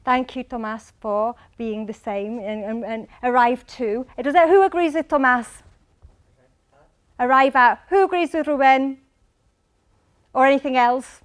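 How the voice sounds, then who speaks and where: Female English teacher with a Mancunian accent and a high voice. Animated lecture delivery that calls on students by name. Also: unhurried, clean tone. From England, Manchester. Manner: animated, quizzes the audience by name. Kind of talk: lively classroom lecture. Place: lecture hall.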